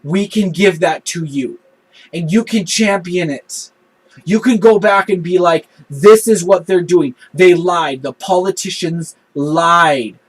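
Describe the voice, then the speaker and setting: A man with a husky voice acting out an impassioned woman starship engineer making an urgent, earnest appeal. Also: sits high, slow, full character voice, poor audio. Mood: pleading, urgent.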